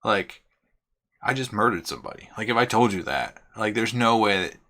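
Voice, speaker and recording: A man's voice: on the low side, normal speed, sharp tone. A man co-hosting a casual podcast chat, thinking aloud in a hesitant, musing way. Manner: musing, hesitant, lots of "like" fillers. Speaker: podcast co-host.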